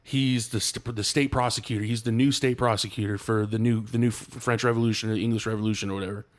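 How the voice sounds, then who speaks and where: A man's voice: lowish voice, fairly even intonation, fast talker. A man on a podcast retelling a movie plot in loose, slangy, profane chat, restarting often. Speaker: podcast co-host.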